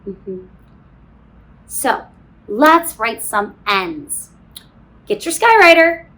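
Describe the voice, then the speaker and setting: A woman leads a kindergarten phonics lesson in a slow, sing-song, encouraging way. Her voice sits high and swoops widely, and she drops in playful sound effects. Every word comes very slowly and carefully. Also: sing-song, fairly bright tone. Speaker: kindergarten teacher. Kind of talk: teaching a phonics lesson to young children. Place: classroom.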